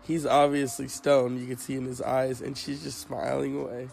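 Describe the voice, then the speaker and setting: A man hosting a casual chat, rambling and crude in a deadpan way. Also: medium pitch, moderate pace, gravelly, faint music behind, poor audio.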